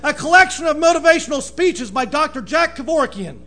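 Male preacher, very high bright voice, folksy joker who keeps saying amen. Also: expressive, a little fast. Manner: folksy, says "amen" and "brother" often, laughs at own jokes. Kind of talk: joking sermon opening.

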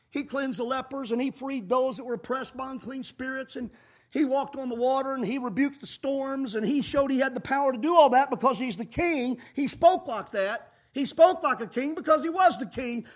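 A man preaching a sermon with passion, shifting between hushed low stretches and shouted rebukes. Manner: impassioned, swings from hushed to shouting.

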